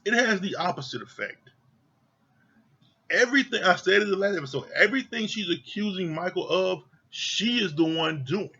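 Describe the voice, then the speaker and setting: A man reviews a reality show in a casual, blunt rant and swears without holding back. His voice is bright and a little husky and sits somewhat high. The recording sounds dull and lo-fi. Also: expressive, moderate pace. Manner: blunt, exasperated, swears freely.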